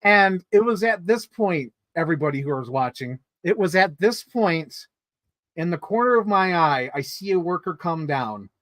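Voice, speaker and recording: A man giving a casual, animated movie review as a story, swearing freely and getting excited. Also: high voice, moderate pace, no room sound.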